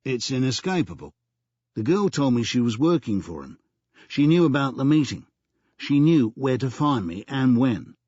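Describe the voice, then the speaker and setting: Man reading a worn-out British detective, curt, husky, dry sound. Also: medium pitch, sing-song, moderate pace, darkish tone, no echo, highs cut off, voice pushed up. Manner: curt, blunt replies. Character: battered British male detective, impatient and blunt.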